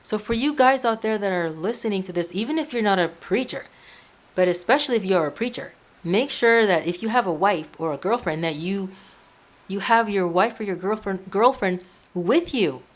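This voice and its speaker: A woman's voice: medium pitch, animated, normal speed. A woman from Ecuador talking casually to her viewers from home, giving advice in a rambling way with many restarts and repeated words. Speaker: Christian video blogger.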